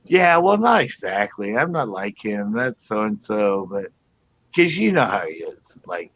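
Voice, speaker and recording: A man's voice: lowish voice, sing-song, a little slow, a bit bright, lo-fi sound. A man hosting a casual live panel chat, telling stories in a rambling way with many restarts. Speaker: host.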